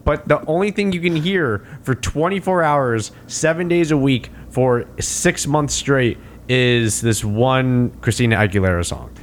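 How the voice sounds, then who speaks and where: A man in a casual film chat, rambling in an animated and exasperated way. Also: mid-range voice, measured pace, few pauses, a little hiss or hum.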